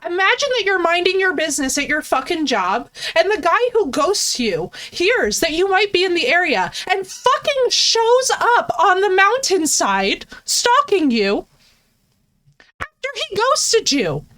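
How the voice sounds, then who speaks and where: High bouncy woman streamer going off at her chat, swears a lot, super animated. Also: measured pace. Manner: animated, profane ranting, answers chat. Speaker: game streamer. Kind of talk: casual live-stream commentary.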